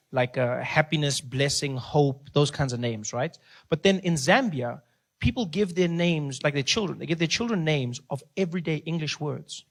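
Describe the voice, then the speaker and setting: Conversational male stand-up comedian. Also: a little high. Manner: conversational, drawing the audience in with tag questions. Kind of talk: stand-up storytelling.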